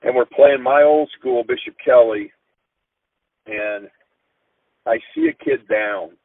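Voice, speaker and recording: A middle-aged man, a football coach, telling an emotional story in an interview, earnest and halting with frequent restarts. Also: mid-range voice, very animated, dry recording. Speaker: high school football coach. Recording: tinny phone-line sound.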